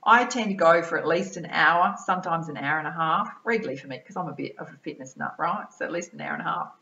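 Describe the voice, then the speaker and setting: An Australian woman, a mind-body-soul balance coach, giving an energetic, chatty motivational talk to camera and tacking "right?" and "yeah?" onto her sentences. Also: low-pitched, fast, vocal fry, reverberant, highs cut off. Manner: energetic, chatty, keeps adding tag questions like "right?" and "yeah?".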